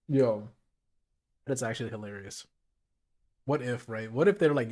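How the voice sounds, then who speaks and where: Unhurried and given to long pauses, a man with a mid-range voice hosts a casual late-night stream from home, eating and chatting in loose slang. A streaming mic with a noise gate and filters picks him up.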